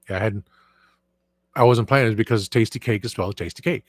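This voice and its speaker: A man's voice: on the low side, fast, pauses often, dry recording. Rambling live-stream host, man. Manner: rambling, filler-heavy, many restarts; reads and answers viewer chat. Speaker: livestream host. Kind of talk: casual live-stream chat.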